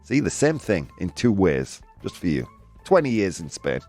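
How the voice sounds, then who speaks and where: A man with a lively, bouncing voice hosts a quiz game with his viewers. He reads out their answers, teases and laughs as he goes. Faint music plays quietly under him. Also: low-pitched, normal speed. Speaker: host. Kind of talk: live-stream game show with chat.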